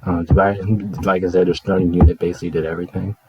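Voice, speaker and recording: Man, low voice, casual recap, offhand and chatty, faint hiss behind. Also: flat delivery, quick pace, muffled recording. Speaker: sports video host.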